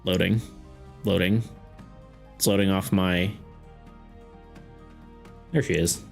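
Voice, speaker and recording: A man's voice: low-pitched, fairly even intonation, slow pace, vocal fry. A man running a tabletop game on stream, narrating loosely with frequent laughter and self-deprecating asides. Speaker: game master. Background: faint background music.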